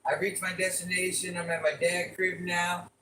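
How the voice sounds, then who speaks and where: A woman's voice: lowish voice, flat delivery, moderate pace, sharp tone, a little hiss or hum. An older woman hosting a casual live stream, chatting with viewers and repeating requests to like and subscribe. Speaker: livestream host. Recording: echoey room, voice from far off.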